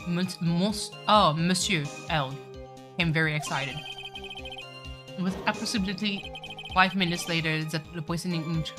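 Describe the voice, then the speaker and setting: A woman's voice: lowish voice, moderate pace, pauses often, music in the background, natural voice. A woman reading a restaurant owner's lines in a mock French accent, stumbling over the names. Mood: earnest.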